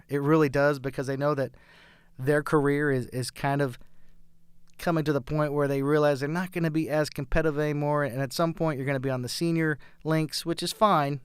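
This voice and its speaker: A man's voice: fairly high pitch, smooth, no room sound, studio quality. A young adult man hosting a casual sports talk show, chatty and enthusiastic, rambling through his picks.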